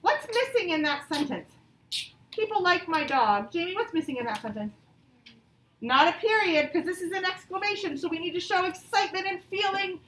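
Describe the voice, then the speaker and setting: A woman teaching a grammar lesson to young pupils, patient and encouraging, reading example sentences out slowly. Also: very high voice, lively intonation, fairly bright tone, slight background noise. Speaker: elementary school teacher. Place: classroom, also streamed to pupils at home. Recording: echoey classroom from far off.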